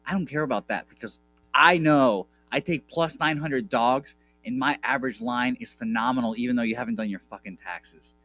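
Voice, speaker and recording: A man on a sports betting radio show, talking fast and heated, gloating, swearing and repeating himself. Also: medium pitch, pushed and bright, faint music behind.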